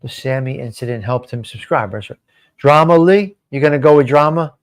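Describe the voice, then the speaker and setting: A man's voice: medium pitch, brisk. A man hosting a live stream show, chatting casually and answering viewer comments by name in a rambling, swearing way.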